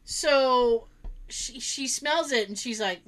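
A woman telling a long funny family story in casual chat, animated and laughing often. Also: high voice, slow. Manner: animated, laughs often, acts out relatives' voices.

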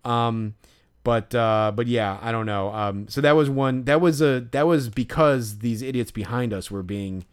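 A man's voice: mid-range voice, unhurried, smooth. Swearing, ranting young man. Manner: profane, ranting storyteller. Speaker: podcast co-host. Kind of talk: casual storytelling chat.

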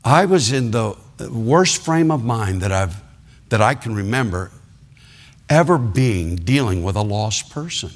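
A male pastor preaching a sermon, telling a story with animated, fervent delivery. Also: lowish voice, unhurried.

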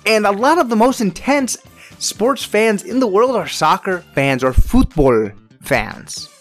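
A podcast host delivering an opinionated sports monologue in an emphatic, ranting way, with loud, high jumps on stressed words. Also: lively intonation, measured pace, faint music behind.

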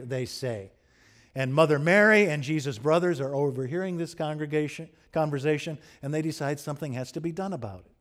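Brief: male pastor, higher-pitched, animated storytelling sermon. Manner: animated, humorous storytelling with wide swings in loudness.

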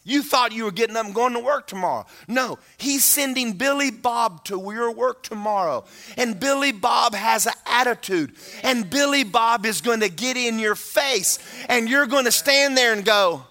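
A man preaching a sermon, animated, acting out voices and rising to shouts at the peaks. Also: very high voice, normal speed, hardly any pauses.

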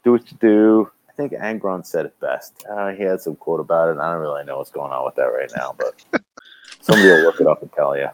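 A man's voice: rumbling low, fast, a bit bright, low-quality recording. A man on a casual podcast, mocking and laughing as he talks. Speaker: podcast co-host. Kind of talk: casual chat.

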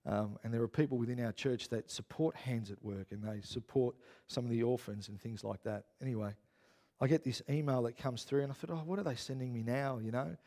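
A man, a pastor preaching a sermon in a chatty storytelling way that grows loud and worked up. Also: mid-range voice.

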